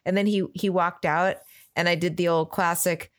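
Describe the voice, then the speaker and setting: A woman's voice: fairly low pitch, fairly even intonation, moderate pace. A woman co-hosting a podcast, chatting casually with dry, joking asides. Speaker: podcast co-host. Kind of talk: casual chat.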